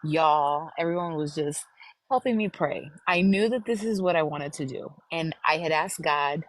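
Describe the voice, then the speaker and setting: Young woman telling her story on a stream, lowish voice, dry sound, all emotional. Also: moderate pace, no room sound. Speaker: guest sharing a testimony. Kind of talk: live-stream testimony.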